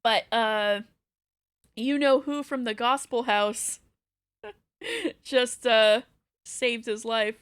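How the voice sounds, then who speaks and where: A woman's voice: on the high side, lively intonation, slow, pauses often, fairly bright tone, faint music behind. A woman streamer playing a video game live, reading its dialogue and reacting with laughing asides.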